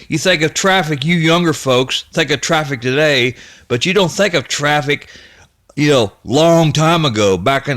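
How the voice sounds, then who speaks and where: A man's voice: on the high side, sharp tone. A man in his fifties from the Ohio-Kentucky area telling a personal story in a folksy, rambling way, stopping and restarting often. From Ohio-Kentucky area, USA. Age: 50s. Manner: rambling, halting, with many restarts; folksy and nostalgic. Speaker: channel host.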